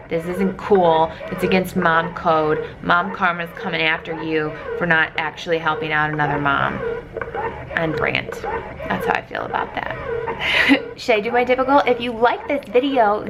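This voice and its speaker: A woman in her thirties talking candidly to a handheld phone camera in a chatty vlog, with lots of "like". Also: fairly low pitch. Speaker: vlogger. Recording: clear background noise.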